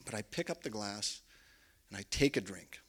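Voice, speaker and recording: A man's voice: on the low side, lively intonation, normal speed, fairly bright tone. A man telling a personal story on stage, with wry, understated comic timing. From Canada.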